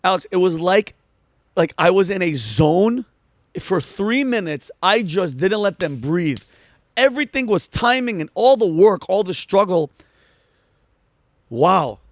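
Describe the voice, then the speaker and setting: Male comic, fast animated storyteller, raised voice, dry close mic. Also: high-pitched, no echo. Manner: fast, excitable, acts out quotes with shouts. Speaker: comedian guest.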